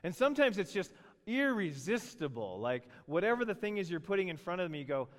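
A middle-aged man preaching a sermon, telling stories with animated asides and funny voices for characters. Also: high-pitched, a little fast. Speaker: pastor. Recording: long reverb of a large hall.

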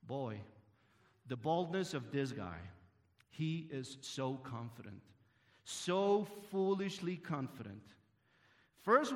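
Slow, deliberate man reading scripture. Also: fairly high pitch. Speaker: Bible teacher. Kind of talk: Bible reading and commentary.

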